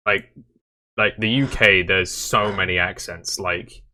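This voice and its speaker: A man's voice: low voice, measured pace, pushed and bright, slight background noise. A young man from Southwest England, a podcast guest in casual chat, easygoing and full of "like" fillers. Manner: easygoing, lots of fillers, repeats himself.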